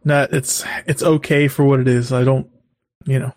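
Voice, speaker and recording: Flat-voiced man in casual chat. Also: mid-range voice, moderate pace, crowd noise. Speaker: podcast co-host.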